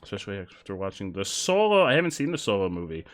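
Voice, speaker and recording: A man's voice: on the low side, very animated, quick pace, faint music behind. A male streamer chatting casually with his viewers while playing, joking and laughing often. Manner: joking, laughs often, reads chat aloud. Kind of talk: casual live-stream chat while gaming.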